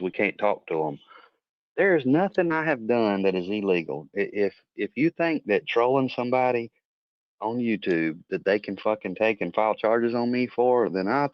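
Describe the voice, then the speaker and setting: A man's voice: on the low side, no echo. A man in a casual chat, heated and rambling, swearing a lot as he vents. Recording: dry, dull lo-fi audio.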